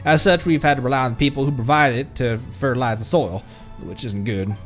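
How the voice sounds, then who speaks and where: A man's voice: mid-range voice, a little fast, fairly bright tone, faint music behind, close to an everyday voice. A man voicing a polite, grim crocodile farmer in a put-on swamp drawl, stumbling over a few words. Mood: courtly.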